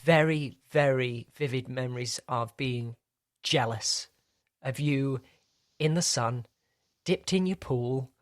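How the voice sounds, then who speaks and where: A man's voice: medium pitch, slow, dry recording, clean studio sound. Chatty English podcast host, man. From England. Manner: chatty, reminiscing, with small restarts. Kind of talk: casual interview chat.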